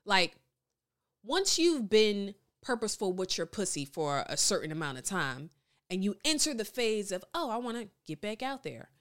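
A woman's voice: mid-range voice, very animated, normal speed. A woman speaking as a podcast guest in a studio, chatting casually and candidly, with lots of slang, laughter and playful exaggeration, and reading out live comments.

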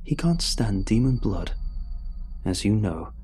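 A man narrating a first-person horror story in a measured, even storytelling manner. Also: lowish voice. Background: faint music.

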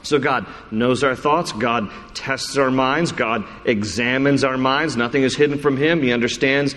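A man's voice: medium pitch, steady tone, unhurried, a bit bright. A male pastor giving a conversational sermon, quoting scripture and often restarting his sentences. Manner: conversational preaching with repeated restarts and scripture quotes. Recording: long hall reverb.

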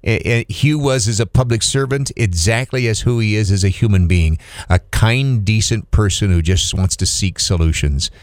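A middle-aged man co-hosting a podcast, talking in a halting, emotional way with many restarts. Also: fairly low pitch, dry recording, studio quality. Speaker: podcast co-host. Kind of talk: casual chat.

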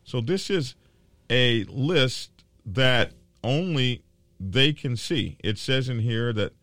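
A man hosting a biker news show, talking casually to his viewers in a halting, indignant way with many fillers and repeated words. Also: medium pitch, lively intonation, fairly bright tone, dry recording. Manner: worked up and indignant.

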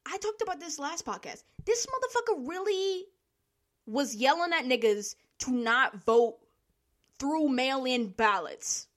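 A woman hosting a podcast, delivering a blunt, profane, exasperated rant full of slang. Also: on the high side. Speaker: podcast host. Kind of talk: casual political rant.

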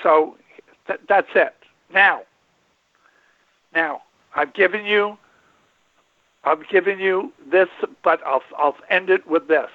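A late-seventies man who is both a vet and a radio host talks at a slow pace with long pauses, his voice sitting high. The dry, tinny phone-line recording captures his folksy rambling and emphatic repetitions.

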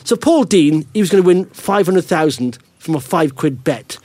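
Middle-aged male podcast host, excitable rambler, high animated delivery. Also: dry recording. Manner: excitable, rambling, quick-fire. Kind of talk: casual investing podcast chat.

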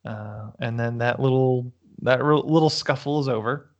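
A man's voice: mid-range voice, normal speed, darkish tone, lo-fi sound. A man casually recapping a movie with a friend, joking crudely and laughing often. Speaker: podcast co-host.

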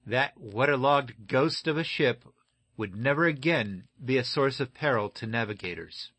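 Steady male audiobook narrator. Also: mid-range voice, husky, no room sound. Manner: steady measured reading. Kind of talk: scripted narration.

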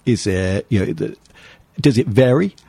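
A man hosts the chat with a gravelly, slightly husky voice. His pitch moves about a lot as he reads out listener questions. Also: expressive, normal speed, warm tone, no room sound. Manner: brief encouraging interjections, reads out listener questions. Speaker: interview host. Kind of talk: casual interview chat.

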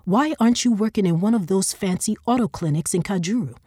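A woman's voice: medium pitch, brisk, dark tone, husky, dry recording, clean studio sound, pitched above the performer's own voice, natural voice. A woman voicing a curt, weary young woman traveller in a storybook reading. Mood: snapping. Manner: curt and snappish.

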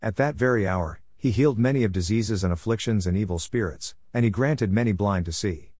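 A man with a low voice reads scripture in a steady, measured manner. The recording is dry and close, with no room sound around him. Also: husky, no echo. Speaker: scripture reader. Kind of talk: scripted Bible reading.

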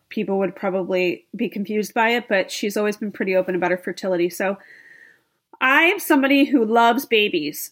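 Woman, measured opinionated chat, mid pitch. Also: fairly bright tone. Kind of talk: casual chat recapping a reality show.

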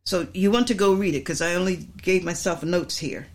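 A woman's voice: lowish voice, a little fast. A middle-aged woman preacher teaching a sermon, emphatic and repetitive, drawing out her stresses.

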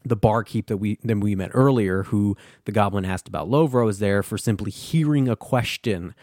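A man's voice: on the low side, normal speed, darkish tone, no echo, studio quality. A man hosting a comic book podcast, recapping an issue in a loose, rambling way and swearing often.

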